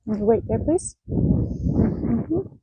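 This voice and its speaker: A woman horse trainer in an outdoor arena, gently praising and coaxing a horse while explaining her training to viewers. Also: fairly high pitch, expressive, extremely slow, breathy edge, no echo, phone-quality sound.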